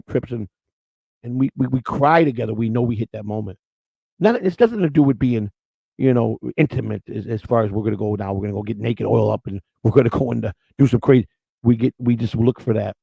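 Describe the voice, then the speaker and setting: Gravelly guy hosting his stream, kinda choked up, rambles and repeats himself. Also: medium pitch, warm tone, no echo. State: emotional, near tears. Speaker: show host. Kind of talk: emotional live-stream chat.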